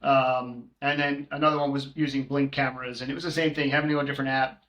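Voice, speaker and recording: A man's voice: mid-range voice, level tone, fast talker, a bit bright, slight background noise. Casual man with roomy echo. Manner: rambling, many filler ums, listing prices. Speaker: co-host, short-term rental manager. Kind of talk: casual podcast chat.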